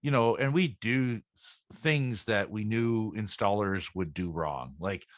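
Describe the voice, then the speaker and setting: A man's voice: on the low side, a little slow, no room sound, studio quality. A man hosting an interview, talking loosely with many restarts. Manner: rambling, lots of restarts and fillers. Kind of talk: conversational interview.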